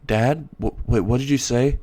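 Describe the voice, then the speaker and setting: A man's voice: medium pitch, fairly even intonation, moderate pace, warm tone, lightly acted. A man voicing a frightened, confused young boy, stammering in a raised voice.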